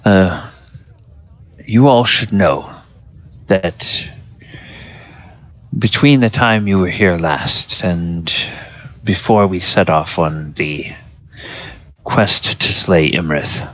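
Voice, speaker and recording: A man voicing a solemn giant king, a grieving father who speaks in a grave, measured way, in a tabletop game. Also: sits low, a bit bright, dry recording, heavily acted. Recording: dull lo-fi recording.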